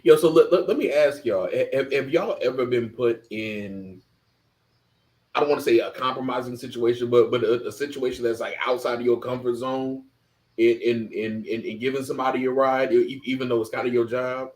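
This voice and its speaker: A man's voice: medium pitch, fairly quick, darkish tone. A man co-hosting a casual podcast chat, asking questions with hesitant restarts.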